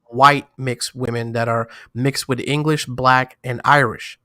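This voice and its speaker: Bright-toned New man in casual chat. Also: medium pitch, steady tone, unhurried, no room sound, clean studio sound. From New York. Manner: loose, boastful storytelling with slang. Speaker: podcast co-host.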